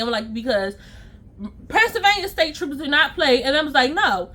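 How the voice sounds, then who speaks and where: High, bright-voiced woman telling a story. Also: unhurried, long pauses. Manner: animated, slangy, laughs at herself. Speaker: storytime vlogger. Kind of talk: casual storytelling to camera.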